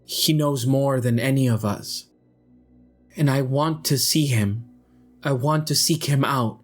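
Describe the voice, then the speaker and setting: A man's voice: mid-range voice, faint music behind, close to an everyday voice. Floor, a hesitant teenage boy, as a man puts him on. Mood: earnest. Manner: hesitant, halting. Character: troubled teenage boy torn between family and a mentor.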